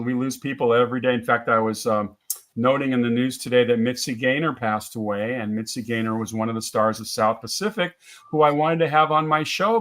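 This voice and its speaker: A man's voice: medium pitch, a bit bright. An older man, a podcaster and film writer, chatting as a guest in a casual interview and telling stories with frequent laughs. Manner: chatty, storytelling, laughs often.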